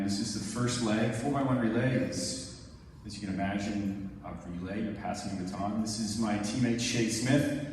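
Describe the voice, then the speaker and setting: A man in his thirties from Canada, a former Olympic sprinter, gives a conversational talk to an audience, narrating video clips and asking a helper to play or pause them. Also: lowish voice, darkish tone, a little hiss or hum. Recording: echoey hall from far off, faint ambience.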